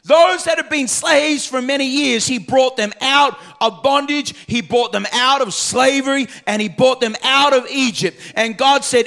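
A pastor preaching a sermon in a church, with emphatic, repetitive preaching that swings from quiet, low passages to loud, half-sung climaxes. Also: male voice, measured pace, vocal fry, hardly any pauses.

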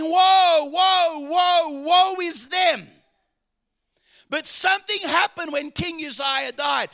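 A man preaching a sermon, swinging dramatically between shouted lines and hushed ones. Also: extremely high pitch, vocal fry.

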